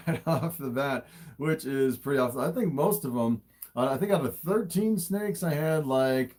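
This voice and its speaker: A man's voice: a little high, darkish tone. Chatty man on a phone livestream. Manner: laughs often, chatty with frequent fillers. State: slightly sore throat. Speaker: livestream host and snake breeder. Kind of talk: casual livestream chat. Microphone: phone camera.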